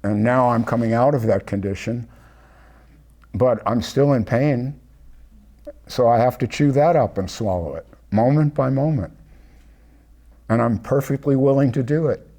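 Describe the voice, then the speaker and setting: An older man speaks with a dark, mellow tone. He talks candidly and without hurry. He comes across as a reflective host on a video call. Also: medium pitch. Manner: candid, unhurried, speaks of his pain openly. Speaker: host of a group gathering. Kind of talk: reflective personal talk.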